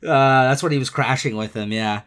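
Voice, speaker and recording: Bright-voiced man laughing through a story. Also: medium pitch, normal speed. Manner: laughs while retelling scenes, many fillers. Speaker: podcast co-host. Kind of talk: casual comic book chat.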